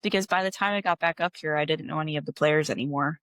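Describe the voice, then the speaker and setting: A woman's voice: low voice, quick pace, a bit bright, no echo. A woman from Wisconsin in her thirties, a guest chatting casually in an interview, laid-back and full of "like" fillers.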